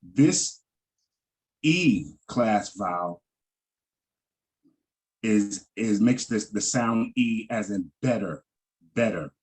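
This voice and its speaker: A man teaching a Hebrew vowel lesson over a video call, halting and repeating words and often checking in with "right?". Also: fairly low pitch, lively intonation, a little mellow, rough recording.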